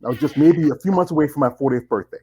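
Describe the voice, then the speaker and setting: A man's voice: fairly high pitch, racing, warm tone, breathy edge, rough recording. A man, hosting a casual interview and rambling with many restarts. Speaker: interviewer host.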